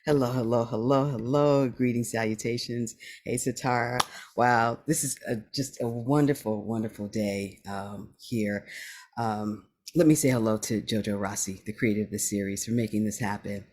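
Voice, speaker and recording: A man's voice: medium pitch, steady tone, moderate pace, darkish tone. A man hosting an online sing-along, greeting viewers one by one over a video call in a playful, punning, upbeat way. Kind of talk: live-stream greetings.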